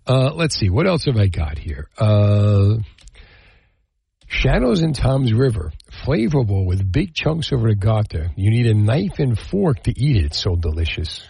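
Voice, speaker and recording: A man hosting a call-in radio show, joking with callers and chatting in an animated way. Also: fairly low pitch, unhurried, vocal fry, breathy edge, dry recording. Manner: animated, jokey, repeats phone numbers. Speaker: radio host.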